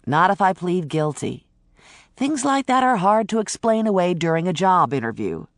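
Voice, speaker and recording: A woman's voice: fairly low pitch, big pitch swings, moderate pace, no room sound, studio quality. Narrator doing a blunt, weary woman cop. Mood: wry. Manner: blunt, wry, defensive. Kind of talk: audiobook character voice.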